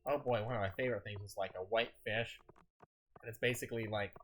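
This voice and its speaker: A man's voice: lowish voice, steady tone, fast. A tired man streaming a game, rambling as he plays, often stumbling and restarting his sentences. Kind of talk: casual gameplay commentary.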